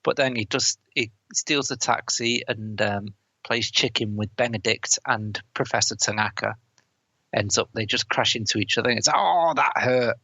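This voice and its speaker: A man's voice: lowish voice, steady tone, moderate pace, bright, forceful tone, no echo. A man co-hosting a podcast who retells a film's plot in casual chat, laughing and quoting lines as he goes. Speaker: podcast co-host. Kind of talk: casual film review chat. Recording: dry, dull lo-fi podcast mic.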